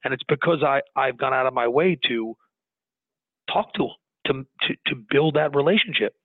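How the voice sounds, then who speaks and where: A man, a business owner, talking earnestly in an interview, animated and restarting his sentences as he goes. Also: mid-range voice, normal speed, no echo. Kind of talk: conversational interview. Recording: tinny phone-line audio, dry.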